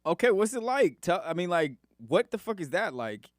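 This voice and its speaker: A man's voice: high-pitched, big pitch swings, normal speed, no room sound, clean studio sound. A man hosting a podcast, asking questions in loose, rambling casual chat with many fillers. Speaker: podcast host.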